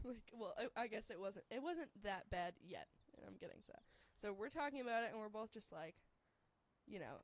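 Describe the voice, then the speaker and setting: A young woman telling a story in casual chat, rambling with many fillers and turning shrill and laughing when excited. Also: moderate pace.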